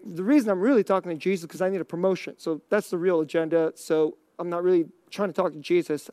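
High-voiced chuckling male preacher. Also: no room sound, studio quality. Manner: conversational, chuckling often, drops to a hush on key lines. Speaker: pastor. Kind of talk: sermon.

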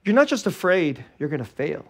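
Animated high-voiced male pastor preaching. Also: a little fast. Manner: animated, acts out scared and joyful voices, laughs often. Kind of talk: sermon.

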